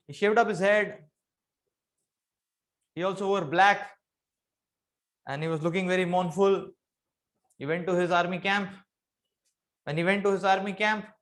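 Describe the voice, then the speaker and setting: A man with a notably high voice delivers a spiritual discourse, moving between teaching and storytelling. He is earnest and repeats phrases to drive points home. His pitch and loudness rise and fall dramatically.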